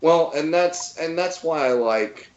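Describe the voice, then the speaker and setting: A man's voice: fairly high pitch, unhurried, reverberant, muffled recording. A man in his thirties, a comedian guest telling stories in a casual interview and acting out quotes in funny voices.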